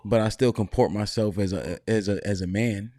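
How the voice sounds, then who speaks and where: A man's voice: fairly low pitch, fairly even intonation, normal speed, mellow, no room sound, clean studio sound. A man on a casual panel telling a story, loose and slangy, often cutting himself off. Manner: loose, rambling, slangy, self-interrupting.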